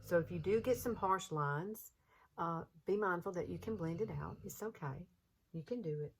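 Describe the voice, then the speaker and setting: A woman's voice: on the low side, normal speed. Chatty Southern woman in her fifties. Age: 50s. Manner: chatty and encouraging, folksy. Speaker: makeup tutorial host. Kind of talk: casual makeup tutorial.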